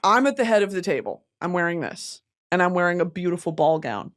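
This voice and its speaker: A woman hosting a casual chat show, talking in an animated, profane way and laughing often. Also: fairly low pitch, brisk, faint music behind. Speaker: podcast host.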